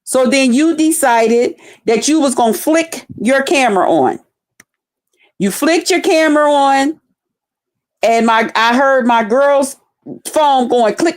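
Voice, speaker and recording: A woman's voice: high voice, expressive, slow. A middle-aged woman, telling a heated, profane story on her stream and acting out other people's voices. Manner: profane, blunt, acts out quoted voices. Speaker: streamer responding to a rival.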